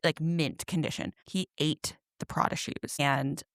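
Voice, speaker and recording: A woman's voice: low-pitched, fairly even intonation, unhurried, no echo, studio quality. A young woman co-hosting a podcast, chatting casually and telling stories with dramatic flair. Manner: chatty, dramatic storytelling with acted-out quotes. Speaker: podcast co-host. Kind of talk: casual chat.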